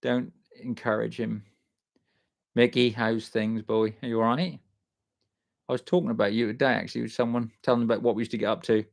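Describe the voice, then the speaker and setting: Gravelly bloke chatting live. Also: male voice, mid-range voice, little pitch movement, a little fast. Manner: loose, sweary and matey, answering chat by name. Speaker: live stream host reading viewer comments. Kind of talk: casual live chat.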